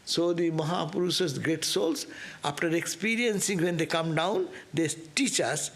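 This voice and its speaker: A man's voice: fairly high pitch, unhurried, fairly bright tone. A man giving a spiritual class talk as a swami, earnest and questioning, with rising emphasis. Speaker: swami teaching scripture.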